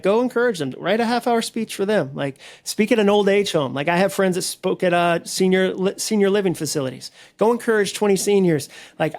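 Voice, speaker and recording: A man with a slightly higher-than-average voice talks as a podcast guest. He tells stories animatedly, full of quick asides and self-deprecating jokes. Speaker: guest speaker and author. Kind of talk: conversational podcast interview.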